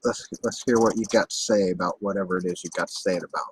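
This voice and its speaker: A man's voice: deep voice, fairly even intonation, fast, slight background noise, rough recording. Chatty American man hosting a livestream. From United States. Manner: loose, chatty, swears casually, repeats words. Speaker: livestream host. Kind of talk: casual livestream chat.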